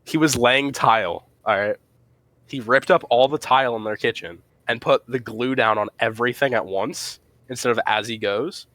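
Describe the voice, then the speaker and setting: A man's voice: mid-range voice, normal speed, fairly bright tone, no echo. Young man telling a crude story. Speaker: podcast co-host. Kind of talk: casual chat.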